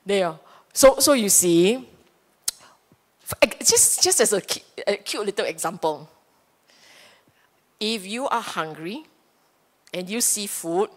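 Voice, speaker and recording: A woman teaching the Dhamma in Singaporean-accented English, in a middle pitch for a woman. She is playful and animated, slips into little acted-out inner voices and keeps checking in with her listeners. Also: slow pace, long pauses. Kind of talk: Dhamma talk to a live audience. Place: Buddhist temple hall.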